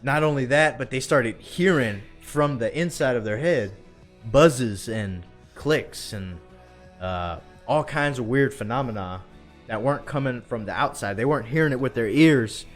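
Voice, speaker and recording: A man, telling a story in a drawn-out country storytelling voice and often asking "all right?". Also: medium pitch, lively intonation, faint music behind. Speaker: podcast co-host.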